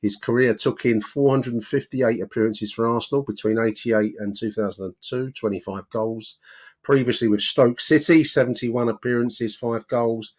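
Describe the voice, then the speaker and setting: A man's voice: mid-range voice, steady tone, normal speed. Man, podcast host, casual chat, rambling, lots of "um"s. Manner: chatty, rambling with filler words.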